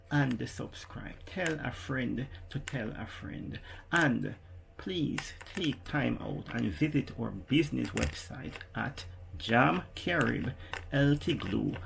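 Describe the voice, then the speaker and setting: A man's voice: a little high, vocal fry, fairly bright tone, breathy edge. A Jamaican man in a casual vlog, teaching phrases and repeating each one twice with emphasis. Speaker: vlogger.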